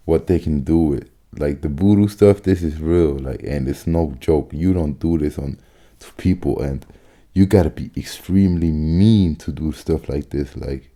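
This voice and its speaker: A man's voice: a bass voice, a little slow, mellow. A man from Africa reacting casually to a video as host, talking loosely with many fillers. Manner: loose, frequent fillers and "bro".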